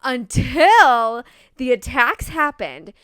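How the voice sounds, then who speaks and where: A woman's voice: high voice, very animated, slow, fairly bright tone, clear, resonant tone, no echo, clean studio sound. A young woman co-hosting a podcast, chatting casually and animatedly about a movie, laughing and swearing casually. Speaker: podcast co-host. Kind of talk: casual chat.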